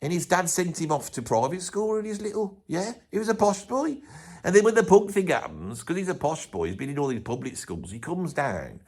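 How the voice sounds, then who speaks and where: A man's voice: a little high, very animated, fairly quick, darkish tone, slightly rough, exaggerated voice. A man playing a blunt, grumpy middle-aged rock fan with a Birmingham accent, rambling and swearing in a comic rant. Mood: grumbling. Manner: rambling, swears often, scoffing. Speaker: comedy character host.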